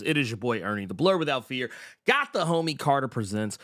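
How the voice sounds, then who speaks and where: A man hosting a casual comic book podcast, animated and laughing often. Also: mid-range voice, fairly quick, no room sound, clean studio sound. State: out of breath. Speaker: podcast host.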